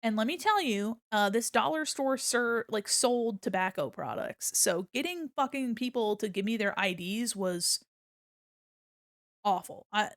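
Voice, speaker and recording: A woman's voice: fairly high pitch, measured pace, dry recording, studio quality. A woman streamer chatting casually with her viewers, telling stories with lots of swearing and acted-out quotes. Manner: profane, animated storyteller acting out quotes.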